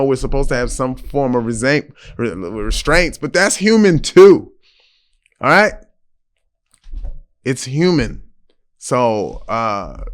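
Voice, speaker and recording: This man's mid-range voice is clear, with a resonant tone. Hosting a casual advice show, he responds to a listener's letter bluntly and frankly, keeping the delivery lively.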